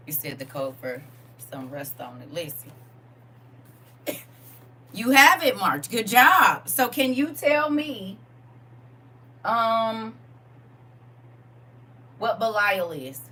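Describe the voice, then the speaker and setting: A woman's voice: mid-range voice, very animated, slow, long pauses, bright, forceful tone, far from the mic. A woman leading a casual livestream reading, playful and joking with her chat and laughing often.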